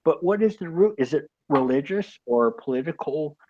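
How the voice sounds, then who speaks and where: Halting, questioning man on lo-fi call audio. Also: a little high, animated, warm tone. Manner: questioning, halting, repeats himself. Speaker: podcast co-host. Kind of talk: casual group chat.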